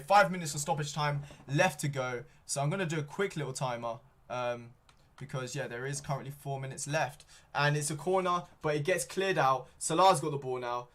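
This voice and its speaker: During a live watchalong, a young fan streamer narrates a football match play by play, rambling, saying "um" often, and fixing his own words. He has a bright voice on the high side.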